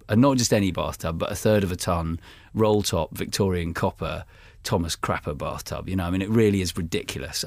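A man's voice: deep voice, no echo. A British man, a guest author, telling a self-mocking, humorous story in a rambling, casual way.

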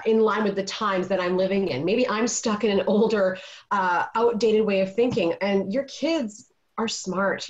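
A middle-aged woman on a video call, telling a parenting story in an earnest, casual way. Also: mid-range voice. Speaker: panelist. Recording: dull lo-fi video call audio.

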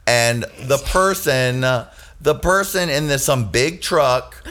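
Man from New York, a podcast host in casual chat, theatrical and animated. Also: slow. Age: older. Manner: campy and theatrical, swinging into high acted outbursts.

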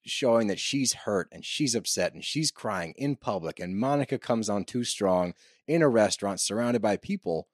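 A man co-hosting a casual recap podcast, animated and sarcastic, swearing freely. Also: lowish voice, normal speed, dry recording, clean studio sound. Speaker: podcast co-host.

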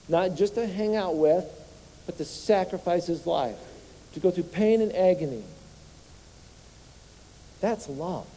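A man's voice: a little high, warm tone, a little hiss or hum. A man preaching a sermon as a pastor, leading his congregation in call-and-response and firing rhetorical questions at them. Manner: asks rhetorical questions to the crowd. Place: church sanctuary. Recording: long hall reverb.

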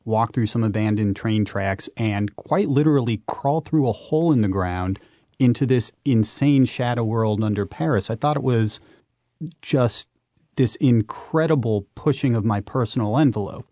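Man telling animated stories as a guest. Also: medium pitch, moderate pace, no room sound. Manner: animated storytelling, emphatic. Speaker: guest, urban explorer and author. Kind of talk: radio interview.

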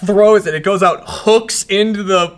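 A man's voice: sits high, a little slow. A man in a casual podcast chat, telling a story with frequent laughter. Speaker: podcast co-host.

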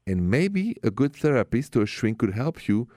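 A man's voice: medium pitch, sing-song, normal speed, no room sound, clean studio sound. A man with a French accent hosting a radio love-advice show, telling stories and talking frankly with callers. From France. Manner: warm storytelling, direct and frank with callers. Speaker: radio host.

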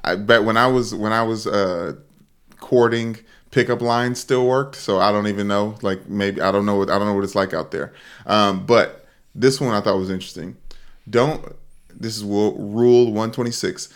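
A man co-hosting a sports podcast in casual chat, with a dry, deadpan humor. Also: fairly low pitch, normal speed, smooth. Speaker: podcast co-host.

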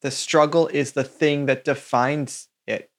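A man's voice: medium pitch, steady tone, a little slow. A man co-hosting a podcast, reacting with enthusiasm and reflecting on what he hears. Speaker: podcast co-host. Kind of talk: casual podcast chat.

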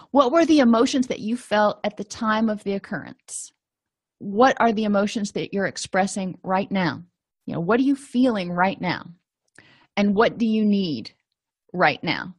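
A woman's voice: a little high, no echo. Woman giving a chatty talk on empathy. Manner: conversational, acts out little quoted exchanges. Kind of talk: informal lecture on empathy.

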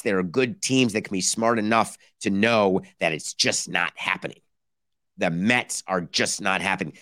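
A man's voice: fairly low pitch, a bit bright, no room sound, studio quality. A man hosting a baseball podcast, talking in sarcastic bursts and acting out mock conversations between teams. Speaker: podcast host. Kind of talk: animated baseball commentary.

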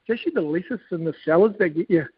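A man's voice: high voice, expressive, rapid-fire, slightly rough, phone-quality sound. A man with a New Zealand accent, a former cricketer as guest, chatting in a laid-back storytelling way and laughing often. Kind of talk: casual podcast chat.

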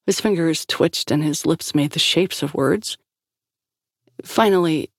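Reading scripted fiction for an audiobook, this woman keeps her deep voice measured and even. The recording is dry and clean, studio quality.

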